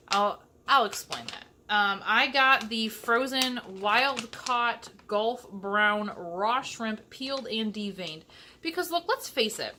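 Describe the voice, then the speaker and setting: A young woman talks her way through a home cooking vlog, chatty and sassy. Her voice is bright and sits a little high. She comes from Michigan, and a faint hiss of noise runs under the kitchen recording. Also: slow pace. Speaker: vlogger.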